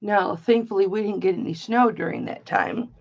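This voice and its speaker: Very animated yet at a moderate pace, a middle-aged Michigan woman hosts an online auction livestream, rambling through a story in a blunt, chatty style and swearing freely. Her mid-range voice is a little mellow, with vocal fry. The stream audio is slightly dull lo-fi.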